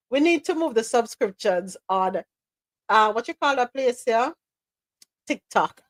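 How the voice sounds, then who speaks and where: A woman hosting a live news chat stream, lively and teasing, calling listeners by name. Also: on the high side, no echo. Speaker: host.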